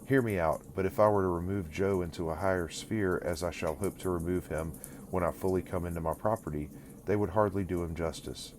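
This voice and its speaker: A young man puffed up by new fortune speaks in a lofty, condescending tone, voiced by an audiobook reader. The voice is very deep, and it is told as an audiobook. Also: fairly quick, a little mellow, a little hiss or hum, close to an everyday voice. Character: proud young man newly come into fortune.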